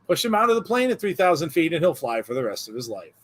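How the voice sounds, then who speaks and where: A man's voice: fairly high pitch, sing-song, quick pace, heavy background noise. A man co-hosting a wrestling podcast in casual chat, reading out viewer jokes with frequent chuckles and a loose, rambling delivery full of fillers. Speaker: podcast co-host.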